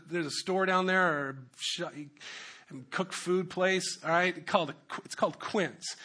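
A man's voice: high voice, bright, forceful tone. A male pastor preaching a sermon, joking with asides and repeating his key phrases.

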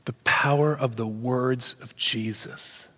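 A male pastor preaching an expository sermon in a church sanctuary, animated, moving between loud and hushed delivery. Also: medium pitch, slow pace. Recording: long hall reverb.

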